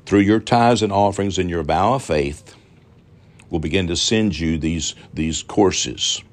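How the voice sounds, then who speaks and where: A man's voice: sits low, a little slow. A middle-aged man preaching a televised sermon as a televangelist, fervent and repetitive, drawing out emphatic phrases and appealing for donations. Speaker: televangelist pastor.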